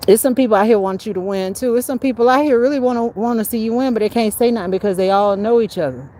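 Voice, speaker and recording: A woman hosts her own livestream, talking fast, casually and preachily about spiritual warfare. She laughs often and swings between loud bursts and low mutters.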